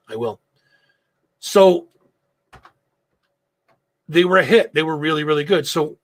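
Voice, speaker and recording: Middle-aged male host, gravelly, slightly high voice, casual rambling storyteller with lots of cursing. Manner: loose storytelling, frequent swearing and fillers. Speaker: live show host. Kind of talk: casual live-stream chat.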